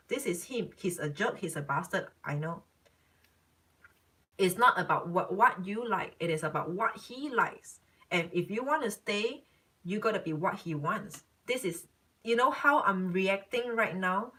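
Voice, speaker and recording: A woman's voice: medium pitch, expressive, a little slow, sharp tone, rough recording. A woman giving a live psychic reading, talking bluntly and repeating her points. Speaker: psychic reader. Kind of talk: live-stream reading, casual chat.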